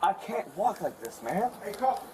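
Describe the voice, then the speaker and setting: A man's voice: high voice, very animated, unhurried, a crowd in the background. A man under arrest, in pain and complaining to the officers. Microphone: police bodycam.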